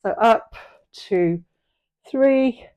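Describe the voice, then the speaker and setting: A woman's voice: a little high, drawn-out words, dark tone, clear, resonant tone. A middle-aged woman leading a live online workout class, cueing each rep and posture in an encouraging, practical way. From England. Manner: encouraging, cueing reps and form. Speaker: fitness instructor.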